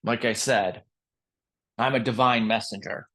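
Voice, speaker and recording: A man's voice: mid-range voice, fairly even intonation, a little slow, fairly bright tone. A man doing a smug, lordly coyote. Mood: grandiose. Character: grand, smug male coyote claiming divinity.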